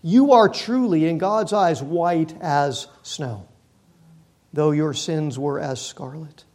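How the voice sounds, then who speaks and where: A man with a high voice delivers a sermon at a slow, deliberate pace. He leans hard on repeated words, building force through lists before easing back. The tone is earnest pastoral preaching. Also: a little mellow. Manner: emphatic, repeating key words with slow stresses and rising force.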